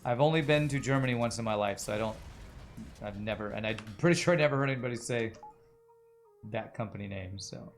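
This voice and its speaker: A man's voice: mid-range voice, fairly quick, soft background music. A man streaming a video game, musing aloud and chatting with his viewers. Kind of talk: casual gameplay commentary.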